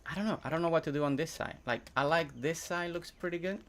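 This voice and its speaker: A man's voice: fairly high pitch, quick pace. Chatty Spanish-speaking man streaming a game. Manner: chatty, reads chat aloud, thinks out loud. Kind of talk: casual game live stream.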